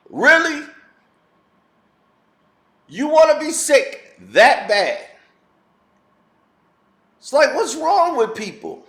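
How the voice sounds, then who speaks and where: Man, high voice, blunt, heated, preachy rant, commentary vlog, roomy echo. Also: sing-song, very slow, long pauses, pushed and bright. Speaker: commentary vlogger. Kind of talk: ranting opinion commentary.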